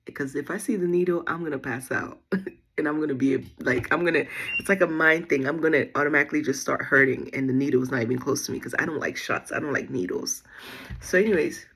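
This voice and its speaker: Low, gravelly-voiced woman telling a story. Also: fast. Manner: chatty, animated retelling with quoted dialogue. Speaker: vlogger. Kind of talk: casual storytelling to viewers.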